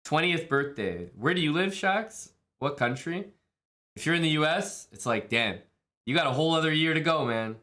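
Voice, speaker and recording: A man's voice: on the high side, lively intonation, moderate pace, bright, forceful tone. A man streaming live, chatting casually with viewers and thanking them, laid-back and jokey. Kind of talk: casual stream chat, reading viewer messages.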